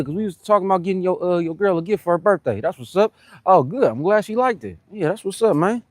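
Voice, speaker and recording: On a dry recording, a man talks fast in a high-pitched, animated, slightly mellow voice. He greets commenters between workout sets on his live fitness stream, chatting and rambling casually while repeating "you know what I'm saying."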